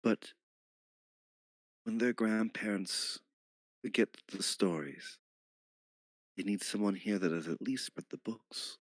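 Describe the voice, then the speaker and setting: A humble, bookish young villager of the forest, put on by a man, speaks earnestly and haltingly in a low voice. The sound is dry and close. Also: dry recording. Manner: earnest, halting, soft-spoken. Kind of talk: tabletop game role-play.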